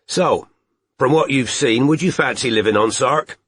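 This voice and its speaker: A man voicing a gruff, awkward male private detective who speaks low, halting and careful. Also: fairly bright tone, no echo, clean studio sound. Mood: casual.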